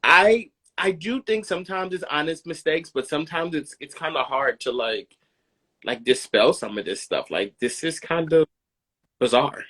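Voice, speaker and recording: Easygoing guy podcaster, kinda high voice, lots of likes and ums while he tells stuff. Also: moderate pace, breathy edge. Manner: relaxed, filler-heavy storytelling with frequent "like" and "um". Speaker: podcast co-host. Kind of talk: casual chat.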